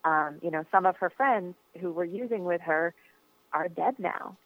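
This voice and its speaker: A woman's voice: fairly low pitch, moderate pace. A woman author answering interview questions, telling a personal story in an earnest, reflective way with frequent fillers and restarts. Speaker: author, guest. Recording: tinny phone line, dry.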